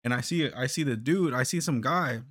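A man's voice: mid-range voice, brisk, a bit bright, no echo, clean studio sound. A man telling a story in casual podcast chat, swearing a lot, stammering on repeated words and laughing. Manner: profane, laughing, many restarts and stammers.

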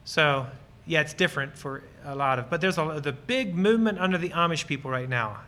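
A man from Lancaster County speaks to a church audience, earnest and eager as he tells personal stories and answers questions. His voice sits a little high for a man. It is bright and forceful, with a tense edge. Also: brisk. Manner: acts out short bits of dialogue while explaining. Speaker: guest speaker on ministry.

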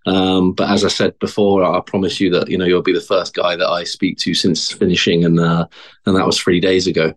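A man from the south, a former marine, talking casually and haltingly as a podcast guest. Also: deep voice. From England. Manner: relaxed, hesitant, many fillers. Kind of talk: casual interview talk.

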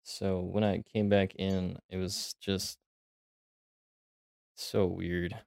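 A man's voice: low-pitched, flat delivery, very slow, vocal fry, a little mellow, dry recording, clean studio sound. A man co-hosting a casual podcast, laid-back and swearing, with lots of fillers. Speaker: podcast co-host. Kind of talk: casual chat.

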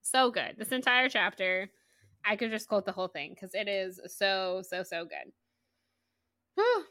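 A woman's voice: mid-range voice, steady tone, moderate pace, sharp tone, dry recording. A woman co-hosting a book podcast, gushing enthusiastically about a novel and laughing often. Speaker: podcast co-host. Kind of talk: casual book-club chat.

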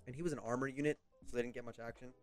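A man's voice: medium pitch, steady tone, racing, faint music behind. Laid-back British guy telling stories. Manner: rambling, profane, laughs often. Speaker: podcast host. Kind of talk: casual storytelling chat.

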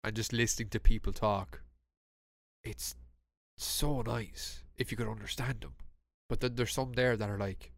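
A man's voice: fairly low pitch, steady tone, measured pace. A young Irish man chatting casually on a podcast, musing aloud and trailing off into questions. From Ireland. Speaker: podcast co-host. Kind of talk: casual chat.

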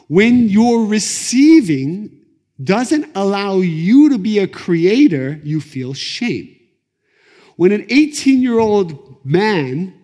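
A middle-aged man teaching a class on Kabbalah, telling stories in a lively conversational way. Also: sits high. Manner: animated, conversational, acts out quotes. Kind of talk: lecture storytelling. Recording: echoey lecture hall.

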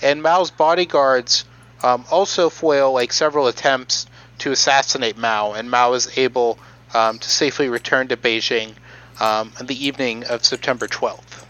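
A young man in a casual podcast chat, working through a historical account with frequent fillers and stops. His voice sits at a middling pitch. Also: fairly even intonation, pushed and bright, highs cut off. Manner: halting, many "um" and "like" fillers. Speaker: podcast co-host presenting the history.

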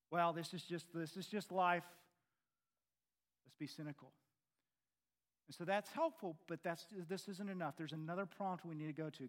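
A man preaching a sermon earnestly, pressing loud questions and then dropping to quiet, low endings.

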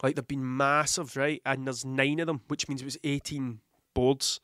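A man's voice: mid-range voice, level tone, moderate pace, fairly bright tone, no room sound, studio quality. A Scottish man with a cold, coughing now and then, talking in a rambling, blunt, heavily sweary monologue. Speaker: podcast host. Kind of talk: casual monologue.

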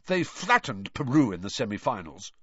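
A man's voice: mid-range voice, big pitch swings, moderate pace, husky, no room sound, highs cut off. A man voicing a blunt young man talking sport with short, gloomy remarks.

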